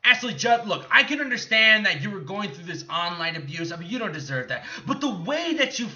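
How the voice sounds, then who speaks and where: A young man ranting angrily in a gaming commentary vlog, profane and mocking, sometimes shouting. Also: high-pitched, very animated, brisk. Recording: dull lo-fi recording.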